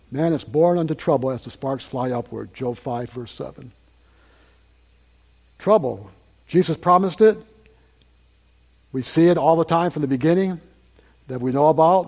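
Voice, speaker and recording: A man's voice: mid-range voice, moderate pace, vocal fry, pauses often, a little mellow. An older man preaching a sermon to a congregation in a conversational way, repeating phrases and asking the listeners questions.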